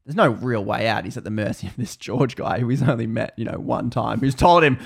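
A man's voice: mid-range voice, brisk, creaky, hardly any pauses, husky. Laughing Australian man telling a story. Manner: laughs often, animated retelling with quoted voices. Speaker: podcast host. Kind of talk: casual storytelling chat.

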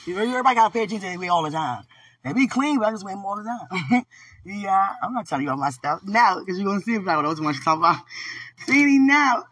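A vlogger in an animated, chatty monologue that speaks to God while getting ready, laughing often and sometimes dropping to a hush. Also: mid-range voice, breathy edge. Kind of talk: casual monologue talking to God.

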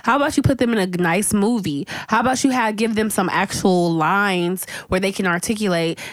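A woman's voice: medium pitch, a little fast, dry recording. A woman co-hosting a podcast, ranting in casual chat with heavy swearing and mocking impressions. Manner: ranting, profane, mimics voices for laughs. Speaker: podcast co-host.

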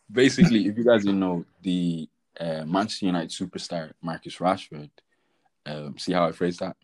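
Podcast co-host, young man, deep husky voice, loose slang-heavy storytelling. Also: normal speed, low-quality recording. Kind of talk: casual chat.

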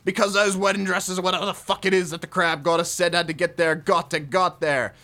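A man voicing a gruff, swearing narrator in a put-on Australian accent, reading game rules with a loud, strained swagger. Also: high voice, little pitch movement, a little fast.

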